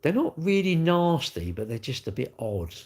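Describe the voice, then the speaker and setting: A man's voice: a little high, very animated, moderate pace, a little mellow. A man, chatting casually to viewers as a livestream host, rambling and repeating himself in a blunt, chatty way. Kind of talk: casual chat to live viewers.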